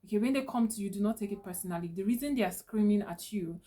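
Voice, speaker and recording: Calm woman giving advice to camera. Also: medium pitch, fast talker. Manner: calm, instructive, addresses viewer directly with "okay?". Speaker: channel host giving business tips. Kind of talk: direct-to-camera advice talk.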